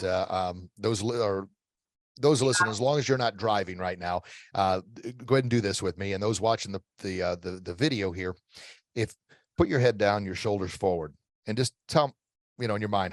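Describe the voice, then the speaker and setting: A man's voice: lowish voice, no room sound, studio quality. A middle-aged man speaking as a guest expert in an interview, giving emphatic motivational coaching advice with repeated phrases and frequent restarts.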